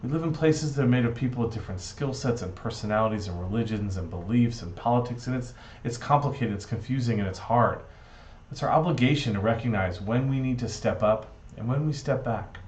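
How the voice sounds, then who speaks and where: A man's voice: mid-range voice, brisk, a little mellow, slight background noise. A man giving a storytelling reflection, playful and earnest. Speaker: speaker giving a Shabbat reflection. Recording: dull echoey room recording.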